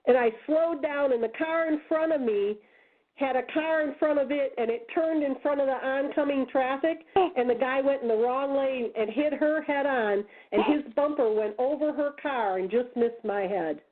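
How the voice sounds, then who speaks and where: A woman from the United States, a guest on a talk radio show, telling stories in a casual, animated way and acting out the voices of the people in them. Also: high-pitched, moderate pace. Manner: animated storyteller, acts out quoted voices. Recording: tinny phone line.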